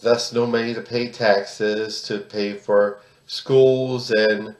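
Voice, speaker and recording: A sixty-year-old American man speaks in a fairly low voice, pressing his points with indignation. He repeats words for emphasis and restarts his phrases. The sound bounces around an echoey room. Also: fairly even intonation, slow. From United States. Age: about 60. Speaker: political commentator and poet. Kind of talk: solo commentary to camera.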